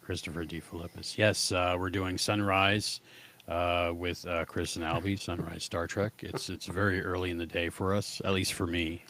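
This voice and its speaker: A man with a very low voice chats casually as a podcast co-host. He sounds relaxed and easygoing, with frequent pauses and fillers.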